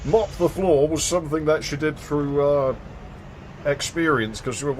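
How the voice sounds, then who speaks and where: A man's voice: a little high, moderate pace, a little hiss or hum. A man streaming a game, chatting casually and telling stories with frequent laughter. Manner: animated storyteller, laughs often. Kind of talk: casual chat while playing a game.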